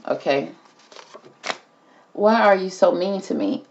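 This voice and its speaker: Low gravelly chatty tarot reader woman. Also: measured pace, pauses often, darkish tone, muffled recording. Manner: chatty, talks to the cards and calls everyone girl. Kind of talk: casual tarot reading commentary.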